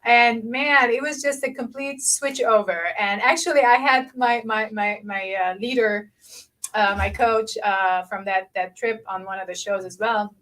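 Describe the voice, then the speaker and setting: A woman's voice: on the high side, unhurried, a bit bright, rough recording. A woman from Lebanon hosting a podcast interview, sharing a personal story in a chatty way with many fillers. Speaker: podcast host. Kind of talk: conversational interview.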